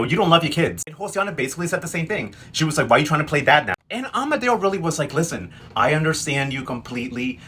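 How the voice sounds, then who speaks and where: A man giving a sassy, slang-heavy casual recap, quickly acting out characters' lines. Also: a little high, fairly bright tone, slight background noise. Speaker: recap host. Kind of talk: casual comedic recap narration.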